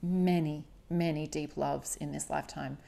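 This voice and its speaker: Woman, low voice, solo podcast host, candid, emphatic, swearing. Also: fairly even intonation, moderate pace, creaky, mellow. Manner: candid, confessional.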